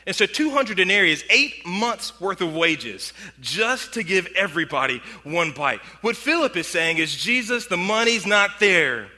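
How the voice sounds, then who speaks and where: A man preaching a sermon as pastor, earnest, slowing down and softening his voice to stress points. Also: high voice, big pitch swings. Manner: earnest, slows and softens for emphasis. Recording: long hall reverb.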